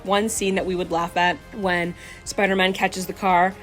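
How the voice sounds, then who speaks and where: A woman's voice: lowish voice, flat delivery, moderate pace, a bit bright, soft background music. A young adult woman vlogging a casual movie ranking, enthusiastic and gushing, full of "like". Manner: enthusiastic, gushing, filler-heavy.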